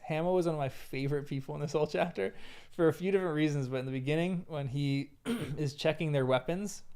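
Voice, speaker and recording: A man's voice: fairly high pitch, dark tone, clean tone. A man co-hosting a casual book discussion, talking enthusiastically and rambling with lots of "like". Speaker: podcast co-host.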